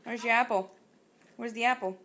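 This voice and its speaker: A mother feeds her toddler, coaxing her to eat with short instructions she repeats again and again. Her voice is fairly high, bright and forceful, with a steady tone and moderate pace.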